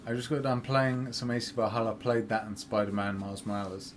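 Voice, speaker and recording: A man co-hosting a casual livestream, measured and inclined to explain his views at length. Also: lowish voice, steady tone, a little hiss or hum. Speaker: co-host.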